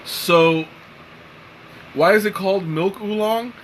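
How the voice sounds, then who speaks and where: A slow-talking man with a slightly raised pitch hosts a casual live stream, sounding worn out and mellow. He rambles and restarts his sentences often. A faint air-conditioning hum sits behind him. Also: rough recording. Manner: relaxed, rambling, with many fillers and restarts. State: tired and mellow. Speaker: tea livestream host.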